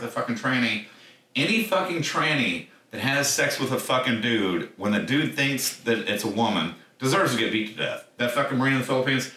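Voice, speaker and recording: A man's voice: mid-range voice, bright, forceful tone. A man hosting a podcast, telling a rambling story in a blunt style and swearing constantly. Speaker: podcast host. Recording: echoey room, distant mic.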